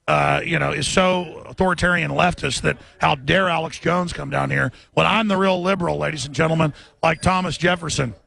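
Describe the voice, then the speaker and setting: A man hosting a radio show live from an outdoor event, ranting fast and chanting slogans through a bullhorn. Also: on the high side, vocal fry. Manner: shouts protest chants slowly and repeatedly.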